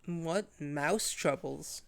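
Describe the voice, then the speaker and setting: Slow gravelly game master. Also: male voice, a little high, no echo. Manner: slow, deliberate scene narration. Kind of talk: narrating a tabletop game.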